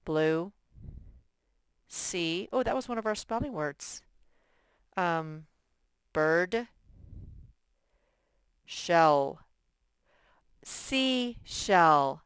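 A woman with a slightly low, smooth, clear voice, giving a first-grade workbook lesson. She speaks slowly and patiently and sounds out each word for young children. The recording is close and dry. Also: lively intonation, dry recording. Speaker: teacher.

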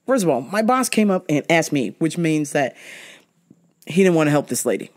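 An animated woman host telling comic stories in a profane, exasperated voice. Her pitch swings widely, and her tone stays sharp with disbelief. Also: moderate pace. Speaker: podcast host. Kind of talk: comic storytelling.

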